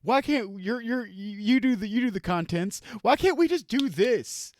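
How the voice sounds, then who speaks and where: A man streaming live, reacting to a video with sarcastic, animated commentary and frequent laughter. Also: sits high, a little slow, slight background noise.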